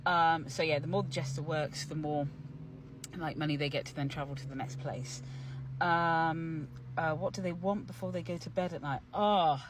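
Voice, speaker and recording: Speaking in a fairly high pitch at a moderate pace, a young man who acts and writes plays casually describes creating his character. He's chatty and animated, full of fillers and false starts, and there's noise in the background.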